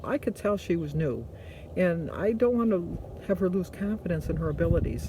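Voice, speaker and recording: A woman's voice: mid-range voice, noisy background. A woman hosting a vlog, chatting casually and motivationally, rambling through stories and correcting herself. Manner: rambling storytelling with self-corrections. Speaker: vlog host.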